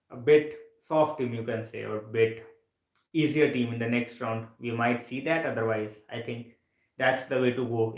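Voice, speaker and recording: A man's voice: medium pitch, roomy sound, rough recording. Sleepy man chatting on a live stream. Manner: relaxed, repeats phrases, many fillers. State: sleepy, yawning. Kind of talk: casual live stream chat. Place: home room, late at night.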